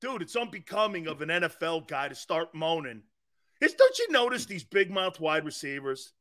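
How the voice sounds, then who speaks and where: A man hosting a sports talk show, ranting and mocking, shouting in bursts and laughing at his own jokes. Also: fairly high pitch, sing-song, moderate pace. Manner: shouts in bursts between quieter asides.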